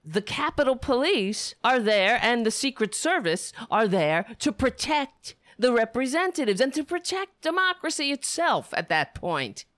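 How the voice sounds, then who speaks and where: A woman's voice: fairly high pitch, sing-song, measured pace, hardly any pauses, fairly bright tone, no echo, clean studio sound. A woman giving ranting political commentary, heated, sarcastic and swearing freely.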